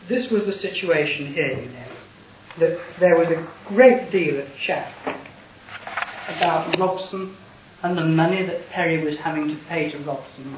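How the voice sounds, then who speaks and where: A man, a barrister speaking formally and deliberately to a jury in a courtroom. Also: on the high side, far from the mic, slight background noise. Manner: formal, deliberate, reads transcript passages aloud. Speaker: prosecuting barrister. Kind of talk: address to a jury. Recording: dull, roomy courtroom recording.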